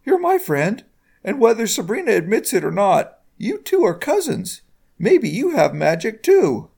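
A man voicing an earnest young boy in a short read-aloud story, speaking high and excitedly. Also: a little slow, gravelly, husky, heavily acted.

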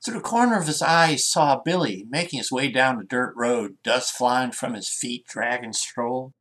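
A man reading a short story aloud in an unhurried way, with musing asides. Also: medium pitch, fairly bright tone.

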